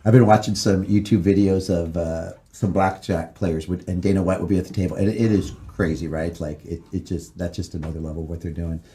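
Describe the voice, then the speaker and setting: A man hosting a podcast, chatting casually and telling a story in a relaxed way. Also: sits low, brisk, few pauses. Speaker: podcast host. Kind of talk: casual chat.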